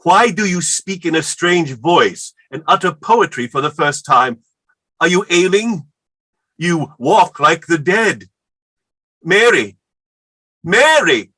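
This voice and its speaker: A man reading the part of an excitable, word-smitten Elizabethan poet in a staged play reading, rhapsodic and quick to laugh. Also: fairly low pitch, husky, full character voice. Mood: alarmed.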